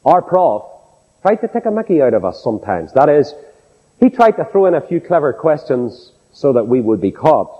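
A man with a Northern Irish accent preaching a sermon, telling stories with folksy asides and dropping from high exclaims to low confiding tones. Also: very animated, moderate pace, husky. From Northern Ireland. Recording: dull lo-fi tape in a reverberant hall.

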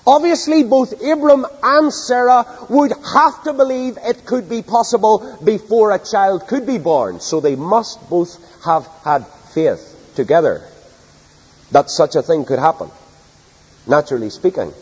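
During an evening sermon, a man reads scripture at a measured pace in a high, husky, darkish voice, animated and dramatic with broad swings in pitch. His words echo with the long reverb of a big church hall.

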